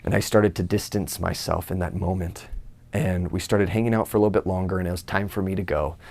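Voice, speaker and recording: A young man tells his own story with earnest feeling. His low voice has a gravelly, creaky texture, and he sometimes voices his own inner thoughts. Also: fairly even intonation, quick pace, a little mellow. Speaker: speaker giving a personal testimony. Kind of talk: personal testimony talk.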